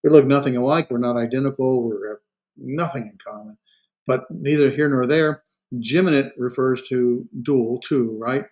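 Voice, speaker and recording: Guy teaching a seminary class, lots of uhs and restarts, mid pitch, drops quiet on the side comments. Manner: halting, many fillers and restarts; trails off quietly on asides. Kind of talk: classroom lecture.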